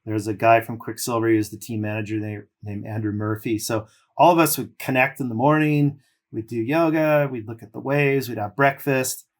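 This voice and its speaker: Casual storytelling from a middle-aged Californian who used to surf professionally, appearing as a podcast guest. His medium-pitched voice runs a little fast, and he rambles in a relaxed way with fillers.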